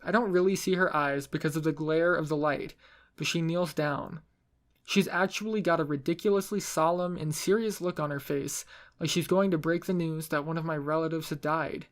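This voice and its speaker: A man's voice: a little high, steady tone, normal speed. A man narrating a first-person story in a wry, self-mocking way.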